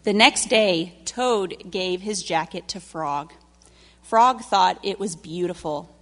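A woman calmly reading a children's story aloud in a large hall, possibly a church. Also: fairly low pitch, slow pace. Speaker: story reader. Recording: long reverb of a large hall.

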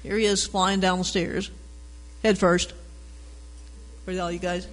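Man reading a picture book aloud, high voice, animated with chatty asides; long room reverb. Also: measured pace. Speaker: reader.

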